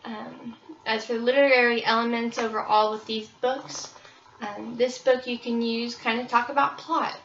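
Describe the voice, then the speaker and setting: A woman's voice: a little high, fairly even intonation, moderate pace, fairly bright tone, recorded from a distance, slight background noise. A young woman casually presenting children's books, with frequent ums. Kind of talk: book review presentation. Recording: roomy, slightly dull recording.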